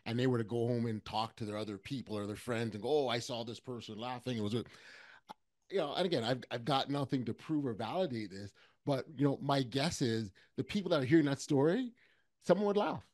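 A man's voice: medium pitch, animated, a little fast, darkish tone, no echo. Guy hosting a podcast, super affirming, trips on words a bit, dry mic. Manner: enthusiastic, repeats affirmations, stumbles on words. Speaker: podcast host. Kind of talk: casual interview chat.

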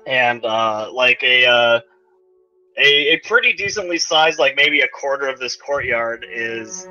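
A man's voice: mid-range voice, expressive, a little slow, pushed and bright. A man narrating as game master for a tabletop game, rambling with many fillers. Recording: dull lo-fi recording, faint music.

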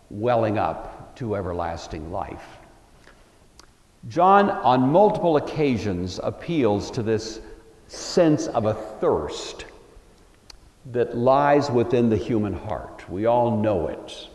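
A man's voice: on the low side, darkish tone. Bible lecturer man in echoey hall. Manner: conversational, thoughtful, many uh fillers. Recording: roomy hall with long echo.

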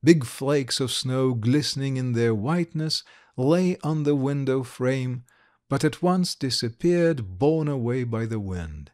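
A man reading a classic short story aloud slowly and clearly for English learners. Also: medium pitch, darkish tone, dry recording, studio quality. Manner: slow, deliberate, clear reading. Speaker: narrator.

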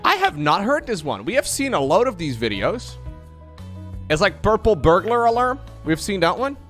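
A man's voice: high-pitched, sing-song, moderate pace, fairly bright tone, faint music behind. A man streaming, chatting and reacting to videos, talking things through and repeating himself as he wonders aloud.

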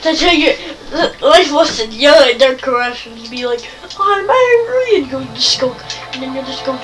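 A woman giving let's-play commentary, excitable and playful, often yelling and laughing. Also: sits high, moderate pace. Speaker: gamer. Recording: distant mic with game music behind.

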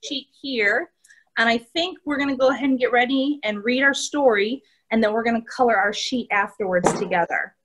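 Young midwestern lady, art teacher, reading a kids book on a video call, bit high and bubbly, cheering the little ones on. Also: moderate pace, noisy background. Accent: Midwestern American. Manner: animated and encouraging, talks to young children. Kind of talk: children's storytime read-aloud.

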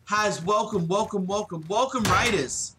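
Young Australian man, high voice, excitable game streamer, swears a lot, noisy stream with clicking. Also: a little slow. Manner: excitable, swears often, thanks viewers profusely. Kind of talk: live-streamed gameplay chat.

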